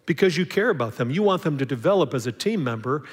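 A man's voice: a little high, lively intonation, quick pace, slightly rough. Conversational preacher man in a reverberant hall. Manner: conversational, acts out little dialogues, frequent restarts. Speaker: pastor. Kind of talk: sermon.

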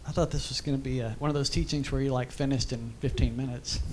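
A man with a medium-pitched voice and fairly even intonation talks fast with few pauses while giving an informal church teaching. He tells stories conversationally, with fillers and many asides, and briefly chokes up with emotion.

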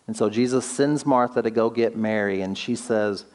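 Guy preaching a sermon, earnest, slows way down on the big words, mid pitch. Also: steady tone, darkish tone. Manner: earnest, slows down for emphasis, asks rhetorical questions. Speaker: pastor.

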